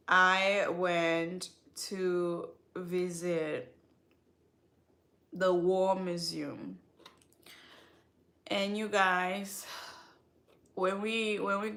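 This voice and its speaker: A woman's voice: medium pitch, fairly bright tone. A woman hosting a skincare live stream, chatting casually and straight to her viewers with slangy asides. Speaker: skincare channel host.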